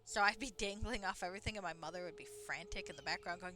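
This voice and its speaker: A woman's voice: on the low side, fast, hardly any pauses, pushed and bright, slight background noise. A woman streaming a game live, chatting casually in a rambling way and swearing now and then. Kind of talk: casual live gameplay commentary.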